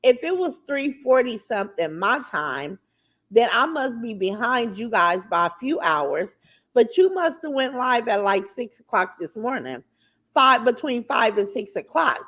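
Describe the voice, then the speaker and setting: A woman hosting a casual livestream, greeting viewers by name and chatting in a lively, talkative way with features, swearing now and then. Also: fairly high pitch, a little slow. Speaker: livestream host.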